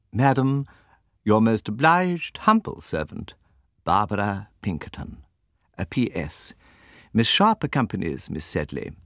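A man's voice: fairly low pitch, fairly bright tone, no echo, clean studio sound. A man reading an audiobook, voicing a stern elderly schoolmistress who speaks in a cold, formal, imperious way. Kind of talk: audiobook character voice.

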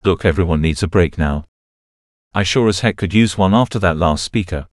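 A male narrator voicing a tired man at a meeting, speaking in a gruff low whisper. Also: moderate pace, no room sound, studio quality, lightly acted. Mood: weary.

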